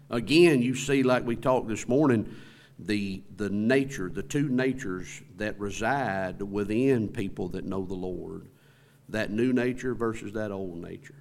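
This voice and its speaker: A pastor with a Southern American accent preaching a sermon in a folksy way, asking the congregation questions. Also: male voice, lowish voice, measured pace, gravelly, a little mellow.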